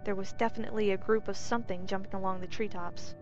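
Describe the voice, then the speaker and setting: A woman's voice: medium pitch, steady tone, quick pace, natural voice. A woman voicing an anxious, stranded male Imperial builder who talks nervously, in a storybook reading. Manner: nervous, worried. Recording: dull lo-fi recording, faint music.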